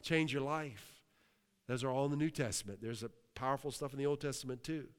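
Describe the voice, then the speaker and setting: A mid-range male voice, fairly quick, carries this sermon from a Western Pennsylvania pastor. He cries hallelujah, asks the congregation questions, and the sound echoes with a long hall reverb.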